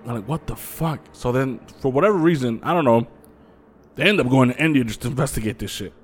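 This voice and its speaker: A man co-hosting a podcast, telling ghost stories in a loose, swearing, animated way and acting out the voices of the people in them. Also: medium pitch, quick pace, a little hiss or hum. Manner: profane, animated storyteller who acts out quotes. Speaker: podcast co-host. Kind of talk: casual chat, storytelling.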